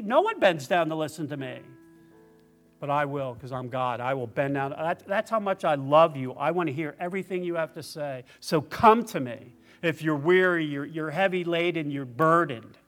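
A man delivers a testimony sermon in a church service, choked up and tearful. He speaks in halting bursts, restarting his sentences, in a voice pitched a little above most men's. Soft instrumental music plays faintly behind him. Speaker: preacher.

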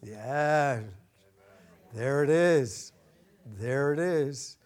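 A man preaching a sermon as a pastor, earnest, getting louder and slowing down to stress his points. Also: mid-range voice. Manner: earnest, swells louder and slows down for emphasis.

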